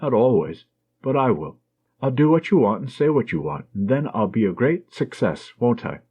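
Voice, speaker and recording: A dull lo-fi clip captures a man voicing a young nurse in an audiobook, teasing yet affectionate. He uses a husky, slightly raised medium-pitched voice that swings animatedly, spoken at normal speed with a tender mood.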